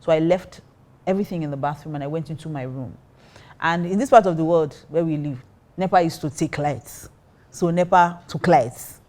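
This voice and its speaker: A woman's voice: deep voice, normal speed, warm tone. A woman pastor telling a personal story in casual talk, acting out her own reactions. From Nigeria. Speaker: pastor and co-host.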